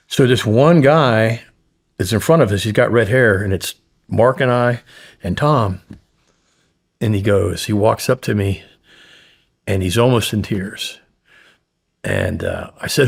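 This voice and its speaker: A middle-aged man from the United States tells his story in a casual interview. His voice sits low and has a gravelly, gritty edge, and he throws himself into the voices of the people he quotes, swearing freely along the way. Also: sing-song, moderate pace, pauses often. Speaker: podcast guest.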